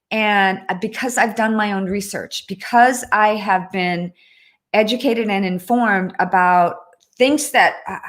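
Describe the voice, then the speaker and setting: Woman, livestream host, casual chat, earnest, reads viewer comments, medium pitch, at home. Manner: chatty, earnest, breaks off and restarts often.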